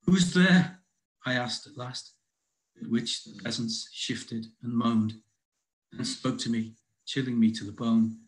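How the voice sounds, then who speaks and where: A man's voice: mid-range voice, poor audio. Middle-aged man reading his poems. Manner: measured, expressive recitation with deliberate pauses. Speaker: poet. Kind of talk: reading his own poems aloud with spoken asides.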